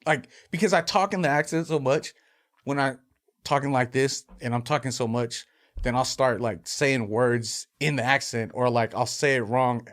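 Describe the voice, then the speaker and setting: A man's voice: medium pitch, moderate pace, fairly bright tone. Rambling man guest, filler-heavy talk. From Filipino family. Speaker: podcast guest. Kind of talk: casual chat.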